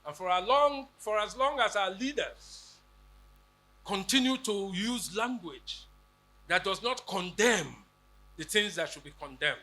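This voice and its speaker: Rousing man giving a lecture, bright voice. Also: high-pitched, animated, measured pace. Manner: rousing, rhetorical, with acted quotes. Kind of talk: public lecture.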